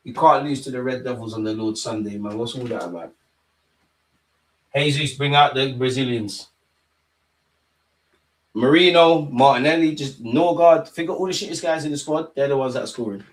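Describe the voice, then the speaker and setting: A man's voice: medium pitch, normal speed, long pauses. A young man hosting a live football watch-along, bantering with his chat in slang, swearing and laughing often.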